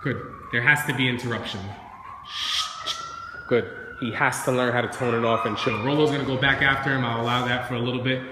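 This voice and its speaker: On a live stream, a man who trains dogs talks chattily to his viewers and the dogs he's working with, peppering his speech with "like" and "right?" His voice is medium in pitch, steady in tone, and a little fast. The very noisy recording sounds like an echoey room with a long reverb.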